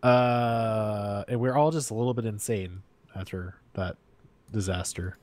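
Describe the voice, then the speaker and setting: A man's voice: lowish voice, a little slow, darkish tone, no room sound. A man hosting a casual podcast over a voice-chat call from home, joking and laughing often at his own mishaps. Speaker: podcast host.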